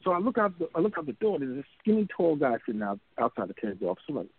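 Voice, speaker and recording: A man in his fifties, an interview guest telling an animated story and acting out other people's lines in a higher voice. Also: fast, husky. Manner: acts out quoted people in a higher voice. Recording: tinny phone-like line.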